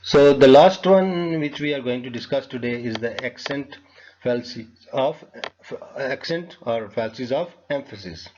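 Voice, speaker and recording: A man teaching a lecture on logic fallacies, talking in a halting way with many fillers and restarts. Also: medium pitch, a little mellow, highs cut off.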